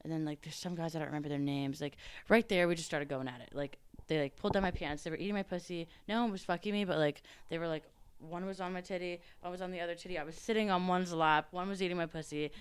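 Low-voiced chatty woman telling a story. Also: steady tone, fast, smooth. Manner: chatty, peppered with "like", acts out others' lines. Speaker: podcast guest recounting a story. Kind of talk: casual storytelling chat.

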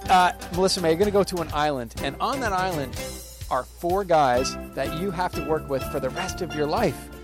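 A man hosting a crude studio talk show, loud and profane, rambling and laughing a lot. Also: on the high side, a little fast, over music. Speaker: radio show host. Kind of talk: crude casual studio chat. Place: radio studio.

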